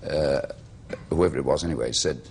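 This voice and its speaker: A middle-aged Welsh man and actor, telling stories in a slow, measured, eloquent way as a talk show guest. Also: rumbling low, darkish tone, breathy edge. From Wales.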